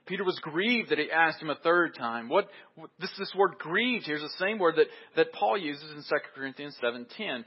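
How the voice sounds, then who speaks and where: A man's voice: fairly high pitch, breathy edge, lo-fi sound. A man preaching a sermon, emphatic and repeating key phrases for weight.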